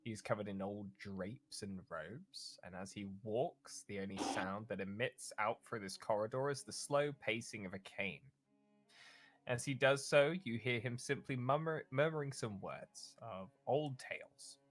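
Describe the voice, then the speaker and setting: A man's voice: fairly low pitch, moderate pace, faint music behind. A young man narrating as dungeon master, filling the scenes with ums and uhs. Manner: many ums and uhs, lively scene-setting. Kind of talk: tabletop game narration.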